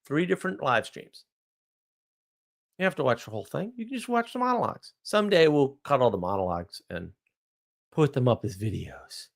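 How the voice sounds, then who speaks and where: A man delivers a blunt, ranting live stream monologue, asking questions and answering them himself. His pitch swoops widely up and down as he talks. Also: sing-song, fairly quick, gravelly.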